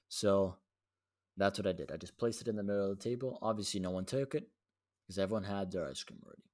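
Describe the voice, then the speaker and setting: A young man hosts his own show and tells a story in a casual, rambling way. His voice sits on the low side. He swears freely and peppers his talk with "dude". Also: fast. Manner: slangy and profane, says "dude" a lot, animated retelling. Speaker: podcast host.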